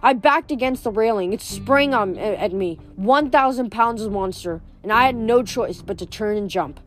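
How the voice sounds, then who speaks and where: A woman reading a novel aloud in a steady storytelling voice, with small slips and restarts. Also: fairly high pitch, normal speed, soft background music. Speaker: reader.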